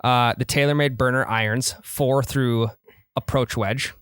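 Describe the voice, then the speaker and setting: A young man co-hosting a casual podcast, telling stories in an animated, playful and boastful way. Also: mid-range voice, unhurried, smooth, no echo, studio quality. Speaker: podcast co-host. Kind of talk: casual chat.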